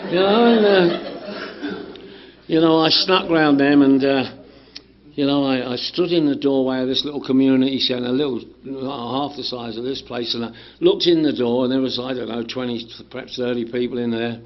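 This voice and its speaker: A man telling his recovery story to a meeting in an animated way, acting out the dialogue, swearing and laughing. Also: mid-range voice, moderate pace. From England. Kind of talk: personal recovery story told to a group. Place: community meeting room. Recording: dull lo-fi room recording.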